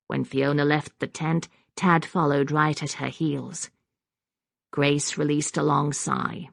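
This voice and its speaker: A woman narrating an audiobook in a measured, even reading on a close studio mic. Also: low voice, vocal fry, no room sound. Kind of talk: scripted narration.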